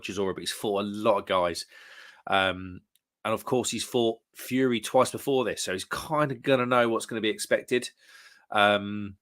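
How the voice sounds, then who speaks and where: A man's voice: lowish voice, a bit bright. Chatty British man hosting a live stream. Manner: chatty, reads out viewers' comments, chuckles often. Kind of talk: casual live-stream chat.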